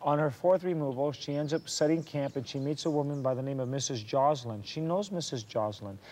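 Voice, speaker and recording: A man of middle pitch tells a history story with a Christian message. He speaks earnestly and often turns aside to preach to his listeners. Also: fairly quick, darkish tone, slight background noise.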